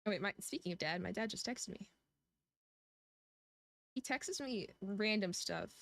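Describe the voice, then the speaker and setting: A woman's voice: medium pitch, lively intonation, unhurried, creaky, a bit bright, no room sound, studio quality. A woman streaming a game, chatting casually in a rambling way with many restarts. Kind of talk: casual gameplay commentary.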